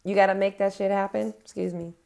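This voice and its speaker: A woman's voice: medium pitch, fairly even intonation, quick pace, creaky, a little mellow. A woman reading tarot cards to camera, speaking earnestly and encouragingly and growing emotional as she reassures her viewers. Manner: gives affirmations straight to her viewers. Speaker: tarot reader.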